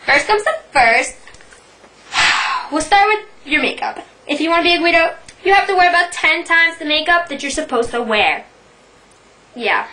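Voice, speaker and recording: Brash high-voiced New York woman. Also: lively intonation, normal speed, sharp tone, recorded from a distance, low-quality recording. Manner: brash, profane, mock-boastful with an exaggerated attitude. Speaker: vlogger. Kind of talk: parody tutorial vlog.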